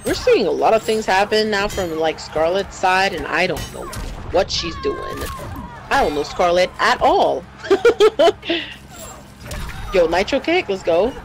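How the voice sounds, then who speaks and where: Excitable woman calling fighting games. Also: mid-range voice, measured pace, faint music behind, low-quality recording. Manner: excitable, laughs often, slangy hype. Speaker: fighting game commentator. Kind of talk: casual esports commentary.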